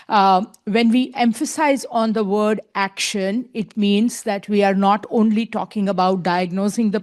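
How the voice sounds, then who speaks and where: Earnest woman panelist, emphatic, mid pitch. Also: a little mellow. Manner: earnest, emphatic, frequent tag questions. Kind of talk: panel discussion remarks.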